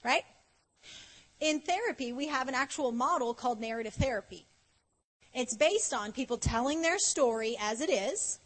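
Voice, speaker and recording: A woman's voice: sits high, fairly bright tone. A woman preaching at a conference, playful and conversational, acting out little dialogues with laughs. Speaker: conference speaker. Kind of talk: conference sermon. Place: conference hall. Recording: long hall reverb.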